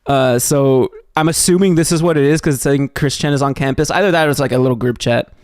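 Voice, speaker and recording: A man's voice: medium pitch, fast, clean tone, no room sound, clean studio sound. A young man from Texas streaming live, chatting loosely and reading viewer messages, rambling with lots of fillers and restarts.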